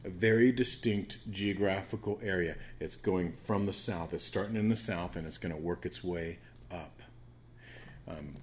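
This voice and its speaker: A man with a soothing voice teaching a Bible study, rambling with frequent restarts and fillers. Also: deep voice.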